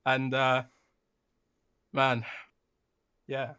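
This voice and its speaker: A man's voice: medium pitch, completely flat delivery, drawn-out words, sharp tone, clean tone. A man co-hosting a gaming podcast in casual chat, joking and laughing as he reads a sponsor spot. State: tired after feeling unwell. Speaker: podcast co-host.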